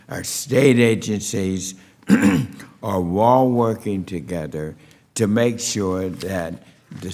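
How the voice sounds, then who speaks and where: Slow, low-voiced man chairing a hearing. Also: a little mellow, long reverb tail. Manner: deliberate, with frequent "uh" fillers. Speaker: committee chair. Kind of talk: formal hearing opening remarks. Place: hearing room.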